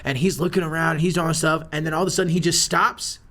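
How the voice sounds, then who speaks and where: A young man casually telling a wild story as a podcast host, animated and full of swearing and "like". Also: a little high, fast.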